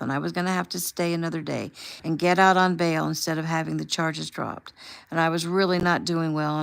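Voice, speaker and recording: A woman reading as an emotional young man, low and gravelly. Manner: halting, emotional telling. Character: young man, emotional, recalling a hard time.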